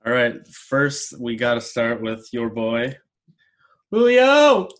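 A man's voice: medium pitch, flat delivery, a little slow, a bit bright. A man co-hosting a casual sports talk show, laid-back and chatty. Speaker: co-host.

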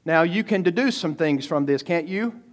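A man delivers an expository sermon in a fairly high voice. He is emphatic and asks his listeners rhetorical questions. He shifts between slow, weighty phrases and quicker stretches. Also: animated. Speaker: pastor.

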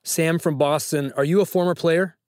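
A man's voice: a little high, fairly even intonation, normal speed, a little mellow, no room sound, clean studio sound. A man hosting a phone-in trivia quiz, teasing and joking with callers. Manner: playful, teasing. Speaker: trivia show host.

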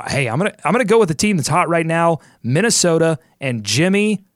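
A man's voice: a little high, lively intonation, fairly quick, no room sound, clean studio sound. A man hosting a sports podcast, reading an ad and chatting in an upbeat, jokey way while thinking aloud. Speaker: podcast host. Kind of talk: casual sports podcast chat and ad read.

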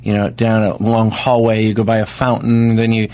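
A man in casual comedic conversation, telling rambling, exaggerated stories in a deadpan way. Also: fairly low pitch, normal speed.

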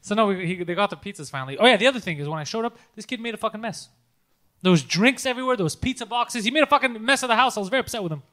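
A man's voice: high-pitched, racing. A man co-hosting a podcast, telling stories in casual, profane chat and acting out the people he quotes. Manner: animated, profane, acts out quotes loudly. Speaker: podcast co-host, comedian.

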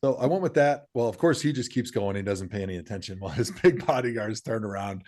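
A man co-hosting a casual podcast, telling stories with animated delivery and putting on voices for the people he quotes. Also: fairly low pitch, fast talker. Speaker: podcast co-host. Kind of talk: casual storytelling chat.

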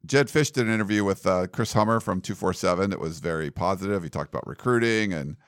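A man's voice: deep voice, quick pace, smooth, no echo, studio quality. A man hosting a casual sports podcast, rambling with lots of likes and ums. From United States. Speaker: podcast host.

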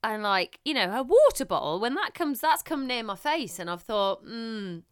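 A woman's voice: a little high, moderate pace, smooth, no room sound, clean studio sound. A woman, co-hosting a casual chat podcast and telling stories animatedly. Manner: animated storytelling, acts out her own reactions. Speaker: podcast co-host.

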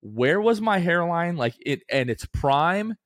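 A young man in his twenties co-hosting a casual sports podcast, an animated storyteller who acts out quoted voices with big jumps in pitch. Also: a little slow, no room sound, studio quality. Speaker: podcast co-host.

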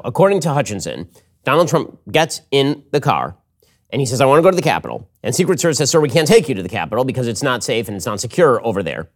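A man hosting a political commentary show, talking fast and emphatically in an opinion monologue. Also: medium pitch. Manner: animated, quick, emphatic.

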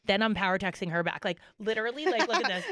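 A woman's voice: mid-range voice, animated, fast talker, fairly bright tone, dry recording, clean studio sound. A woman co-hosting a podcast, retelling events bluntly and emphatically with plenty of swearing in casual chat. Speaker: podcast co-host.

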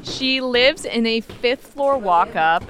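A woman podcast co-host reading narration and an ad in an upbeat, clear presenter style. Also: fairly high pitch, expressive, slow pace, noisy background.

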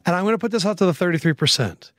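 A man's voice: sits high, lively intonation, racing, fairly bright tone, no room sound. A man hosting a sports podcast, asking teasing questions in casual chat. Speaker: podcast host.

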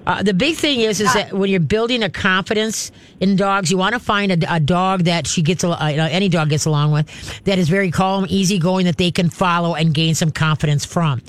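A woman hosting a call-in pet advice radio show, giving direct, animated advice. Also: on the low side, brisk. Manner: direct, animated, acts out cheerful praise voices.

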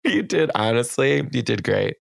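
A woman's voice: a bass voice, animated, normal speed, creaky, no room sound, clean studio sound. A young woman co-hosting a casual podcast, teasing and sarcastic. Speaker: podcast co-host. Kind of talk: casual chat.

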